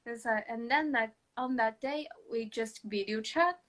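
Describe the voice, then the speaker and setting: A woman sharing a personal story in conversation, speaking hesitantly with many restarts, soft laughs and non-native English grammar. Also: fairly high pitch, measured pace.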